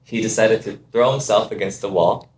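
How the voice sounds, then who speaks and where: Guesting on a podcast, this Ontario, Canada native tells casual stories animatedly, performing the other characters' voices himself. He speaks in a lowish voice, a little fast.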